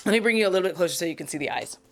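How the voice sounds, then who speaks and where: In a lowish, expressive voice, a beauty vlogger talks very fast as she does her makeup at home. The get-ready-with-me vlog is casual, with chatty, rambling, candid talk and a self-deprecating streak.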